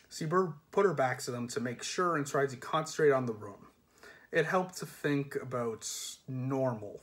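A man reading a novel aloud in a measured storybook manner, sometimes dropping soft. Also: mid-range voice. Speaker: reader.

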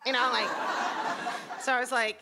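A woman's voice: a little high, flat delivery, normal speed. A middle-aged woman performing a self-deprecating stand-up set on a theater stage, punchy and acting out the people in her stories. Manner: self-deprecating, punchy, acts out quoted voices. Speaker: stand-up comedian. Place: theater stage before a laughing audience. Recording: live show with loud crowd and noise.

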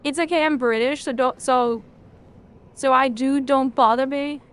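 A woman's voice: high voice, fairly even intonation, unhurried, a bit bright, clear, resonant tone. A woman streaming a video game, chatting casually with her chat, rambling and swearing freely.

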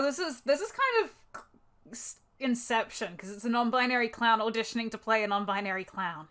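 A woman's voice: mid-range voice, a bit bright. A woman with an Australian accent chatting casually between audition takes, swearing a lot and joking at her own expense. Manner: swears a lot, self-mocking and giggly. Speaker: voice actor auditioning.

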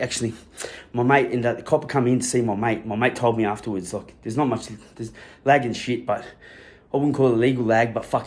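A man with an Australian accent rattles off a story at a quick clip. He rambles from one detail to the next, packing every phrase with slang and swearing. His voice sits at an everyday middle pitch. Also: darkish tone. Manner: profane, rambling slang-heavy delivery. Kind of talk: casual anecdote telling.

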